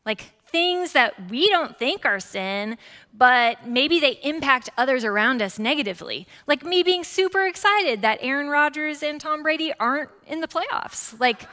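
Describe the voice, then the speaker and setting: A woman in her forties preaching a sermon as pastor, lively and conversational, with frequent asides to the congregation. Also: high-pitched, moderate pace. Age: 40s. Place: church sanctuary. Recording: church hall with long reverb.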